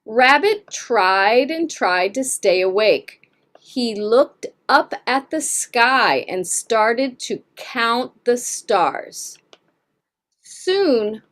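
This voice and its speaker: Lively, slow-spoken woman teacher. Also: fairly high pitch. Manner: encouraging, explains words with Spanish glosses. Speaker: English teacher. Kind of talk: classroom reading lesson.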